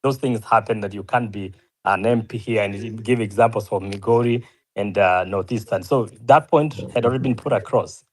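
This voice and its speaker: A man's voice: fairly low pitch, moderate pace. A man moderating a panel debate, politely interjecting to clarify points.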